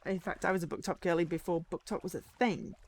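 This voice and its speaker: A woman's voice: on the low side, fairly even intonation, fast. Chatty woman streaming a game. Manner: chatty, musing, talks to chat. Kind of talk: casual gameplay commentary.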